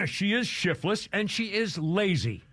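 A man's voice: high-pitched, very animated, slow pace, fairly bright tone, breathy edge, no room sound. A man in his sixties hosting a talk radio show, blunt and jokey with frequent chuckles. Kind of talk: casual talk radio banter.

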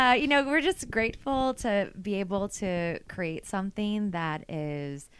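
A woman, an actress guesting on a talk show, speaking thoughtfully with halting pauses and "uh" and "um". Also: mid-range voice, crowd noise. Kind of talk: casual chat.

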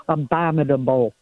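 A woman's voice: sits low, no echo, narrow, tinny audio. A woman calling in to a radio show, giggling and stumbling over words. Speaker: radio caller. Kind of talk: phone-in chat.

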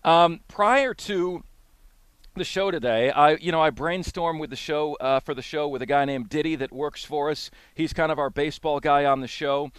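A man's voice: fairly high pitch, moderate pace, clean tone, no room sound. A man hosting a sports talk radio show, delivering an emphatic monologue and repeating his points for emphasis.

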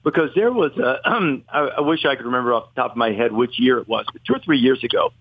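A man with a medium-pitched, animated voice talks quickly with a breathy edge, and the recording is dry. He's a podcast guest in a casual college football debate, rambling, correcting himself, and pushing his opinions hard. The line sounds tinny, like a phone.

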